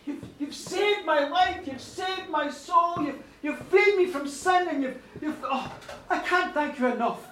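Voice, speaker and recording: A man's voice: extremely high pitch, measured pace, few pauses, sharp tone, a little hiss or hum, voice pushed up, full character voice. A man doing a sheepish sinful monk. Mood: grateful. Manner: rambling confession with sheepish stammers. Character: boastful sinful male medieval monk. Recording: roomy live recording from a distance.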